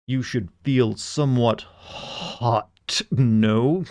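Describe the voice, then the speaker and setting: A man voicing a cold, menacing male evil scientist who questions slowly and deliberately. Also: medium pitch, a little mellow, dry recording. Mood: cold, probing. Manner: slow, deliberate, interrogating.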